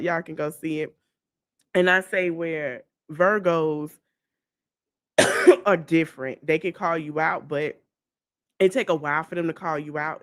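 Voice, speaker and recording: A woman's voice: lowish voice, no room sound, studio quality. A woman hosting a podcast, giving blunt, mocking gossip commentary and laughing often. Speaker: podcast host.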